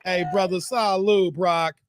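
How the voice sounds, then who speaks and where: A man hosting a casual live stream, laughing often and shouting out his viewers by name. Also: high-pitched, steady tone, unhurried, over music.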